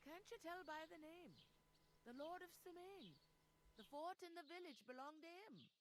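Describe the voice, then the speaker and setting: A woman's voice: very high voice, lively intonation, normal speed, slight background noise. A woman voicing a blunt, bossy village innkeeper in a video game. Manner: bossy, plain-spoken, folksy.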